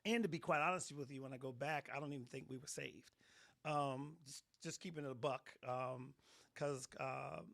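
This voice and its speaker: Gravelly-voiced pastor telling his testimony. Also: mid-range voice, moderate pace. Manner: animated storytelling, acts out quotes. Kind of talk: personal testimony in an interview.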